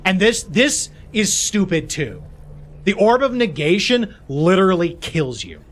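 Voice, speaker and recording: A man's voice: high voice, very animated, measured pace. A young man streaming a video game, ranting and swearing in frustration as he comments on a battle. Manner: swears a lot, exasperated ranting. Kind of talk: frustrated live gameplay commentary.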